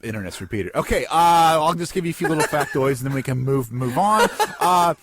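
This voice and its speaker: A man's voice: on the high side, animated, fairly quick, crowd noise. Guy cohosting a goofy podcast, bouncy up and down voice, cracks himself up. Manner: joking, laughs at his own bits. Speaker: podcast co-host. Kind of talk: casual comedy podcast chat.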